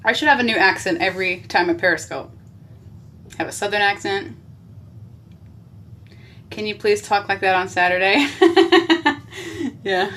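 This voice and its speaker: Talking into a phone camera in a cramped basement bathroom, this makeup livestreamer chats casually and answers viewers' comments along the way. She sounds animated and fairly bright, with a medium pitch and moderate pace, pausing frequently.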